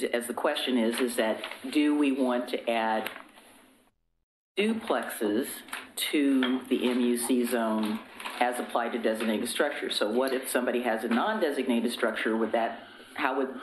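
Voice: medium pitch, steady tone, measured pace, background noise. A city commissioner asking probing questions at a public meeting. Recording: echoey council chamber.

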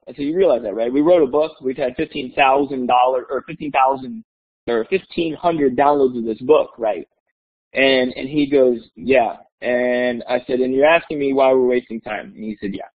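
Animated male teacher on tinny line. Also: mid-range voice, fairly quick. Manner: animated, acts out quoted dialogue. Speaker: guest presenter. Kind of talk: webinar storytelling. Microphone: webinar audio.

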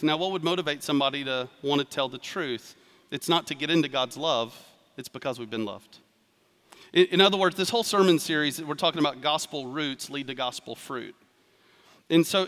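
Lively pastor in a reverberant hall. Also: male voice, sits high. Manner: conversational, animated preaching with asides and quoted voices. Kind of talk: sermon.

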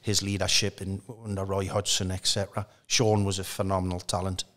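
A middle-aged man with a Geordie accent, a podcast guest telling stories in casual chat with halting restarts. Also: low voice. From Newcastle, England. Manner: relaxed storytelling, halting restarts, laughs through anecdotes. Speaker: podcast guest, former footballer.

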